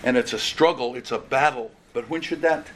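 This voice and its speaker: A man's voice: medium pitch, a little fast, slight background noise. A man preaching an expository sermon, earnest and conversational, often restarting phrases.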